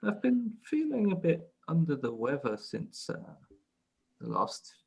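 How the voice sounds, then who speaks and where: A man with a husky voice that swoops widely up and down, playing a tabletop game. He talks hesitantly with many fillers and pauses. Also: a little high, wildly swooping pitch, darkish tone. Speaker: player. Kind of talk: casual tabletop game chat.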